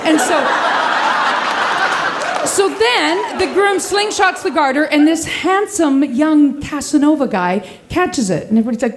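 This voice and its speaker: A woman in her fifties tells a personal story on stage at a live storytelling event, laughing and animatedly playing the people involved. Her voice sits high and her pace is a little slow.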